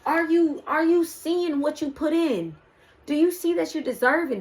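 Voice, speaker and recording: A woman's voice: sits high, normal speed. A woman doing a casual spiritual card reading, preaching to her viewers and calling them "y'all" and "baby". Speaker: spiritual reader.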